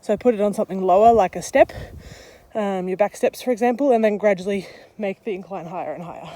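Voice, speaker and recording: A woman's voice: medium pitch, fast, mellow. Woman, dog trainer, casual teaching, praises dogs often, noisy outdoor recording. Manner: chatty, breaks off to praise dogs, beeping cues.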